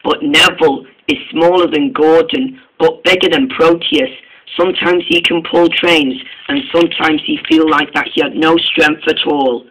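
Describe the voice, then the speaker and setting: A man reading a children's train story aloud, halting, with frequent restarts and slips. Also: a little high, steady tone, a bit bright, rough recording.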